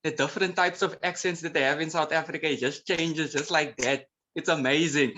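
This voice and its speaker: A man's voice: on the high side, steady tone, a little fast, hardly any pauses, pushed and bright, a little hiss or hum. A man hosting an online conference, introducing segments and quizzing his co-host in a playful, exclamatory way. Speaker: event host. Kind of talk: enthusiastic emcee patter.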